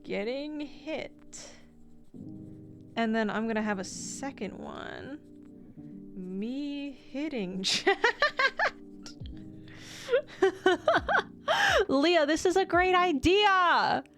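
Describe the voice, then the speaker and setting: A young woman streamer chatting casually with her viewers, bubbly and excitable, often giggling. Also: sits high, slow pace, faint music behind. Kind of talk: casual live-stream chat.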